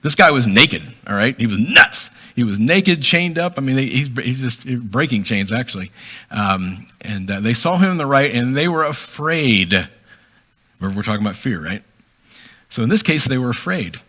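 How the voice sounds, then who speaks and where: A man's voice: mid-range voice, expressive, normal speed, sharp tone. A middle-aged man teaching from the Bible in a casual, conversational way, reading verses and then explaining them with asides. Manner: reads scripture then explains it in a chatty way, acting out voices with laughs. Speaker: preacher.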